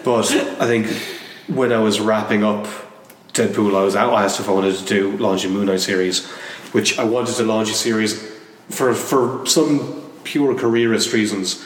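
A man's voice: fairly low pitch, fairly even intonation, normal speed. Hesitant man, distant in an echoey room. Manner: hesitant, many restarts and fillers. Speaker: comic book artist guest. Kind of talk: casual interview conversation. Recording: roomy echo, distant mic, faint noise.

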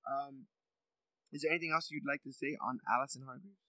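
A man's voice: medium pitch, steady tone, brisk, bright, forceful tone, dry recording, low-quality recording. Reflective man, dry close sound. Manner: thoughtful, reflective, frequent filler ums. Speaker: podcast co-host. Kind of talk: casual chat reviewing a TV series.

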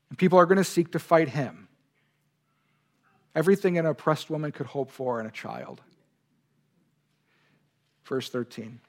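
A man's voice: on the high side, lively intonation, normal speed, pauses often. A male pastor delivering an earnest sermon, stressing key words and speaking God's lines with feeling. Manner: earnest preaching, voices God's words with emphasis.

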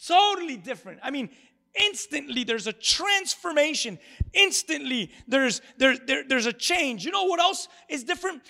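A male pastor preaching an animated sermon to a congregation and calling for their responses. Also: very high voice, vocal fry. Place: church before a congregation.

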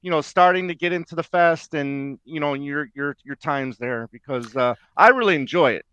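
A male podcast host with a bright, smooth voice, pitched a little high, who keeps the guest going with quick encouraging words. It sounds close and dry. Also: no room sound, muffled recording. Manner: encouraging, frequent short backchannels. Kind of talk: casual interview.

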